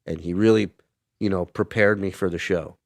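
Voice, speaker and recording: A lower-pitched man talks in a loose, profane way, leaning into the punchlines of his stories. He guests on a casual interview show as a comedian and keeps jumping into quick voices for the people in them. The sound is dry and close. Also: fairly even intonation, gravelly, no room sound.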